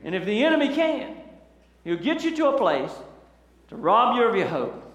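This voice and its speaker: A man's voice: extremely high pitch, very animated, moderate pace, a bit bright. A man preaching a fervent sermon, asking the congregation questions. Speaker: pastor. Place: large church hall. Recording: echoey church hall recording.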